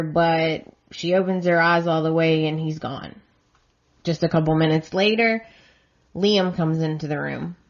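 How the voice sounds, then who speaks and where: A woman's voice: fairly low pitch, muffled recording. A woman podcast host giving an earnest, emotionally invested recap that turns indignant at times.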